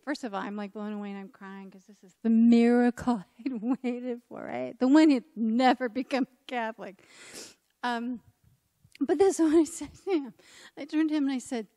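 A woman speaker at a church gathering, telling her personal faith testimony as a lively story and acting out the dialogue. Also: fairly high pitch, moderate pace, no echo, studio quality. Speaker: conference speaker at a church event.

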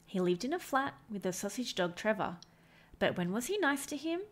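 A woman's voice: a little high, normal speed. Woman reading a children's picture book aloud. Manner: expressive, sing-song rhyming delivery. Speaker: storyteller.

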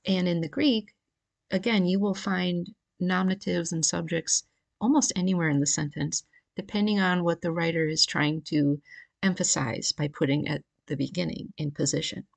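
A woman teaching a beginner's grammar lesson in a recorded lecture. Her voice sits low with a gravelly fry, and she explains patiently, reading through lists of cases. The audio is homemade and uneven. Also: fairly even intonation, normal speed. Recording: questionable home audio.

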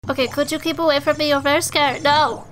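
A woman's voice: sits high, steady tone, fast, over loud music, low-quality recording. A young woman hosting a casual let's-play, joking crudely and giggling often. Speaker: gameplay host. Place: small home recording room.

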